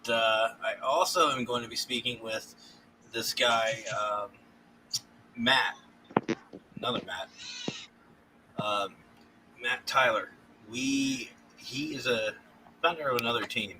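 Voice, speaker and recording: A man, a paranormal consultant guest, telling animated stories in casual podcast chat and laughing often. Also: mid-range voice, a little hiss or hum, rough recording.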